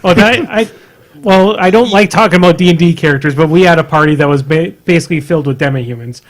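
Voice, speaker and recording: A man guesting on a podcast, telling a story in a lively, stumbling way. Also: fairly high pitch, fast. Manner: lively, stumbling over words. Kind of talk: casual storytelling.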